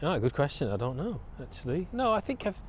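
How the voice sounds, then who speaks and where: A man's voice: fairly high pitch, big pitch swings, fast, a little hiss or hum. A middle-aged man from Bolton with a northern English accent, chatting as an interview guest, thoughtful and prone to restarting his sentences. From Bolton, England. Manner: thoughtful, with frequent restarts and self-corrections. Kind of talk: casual conversational interview.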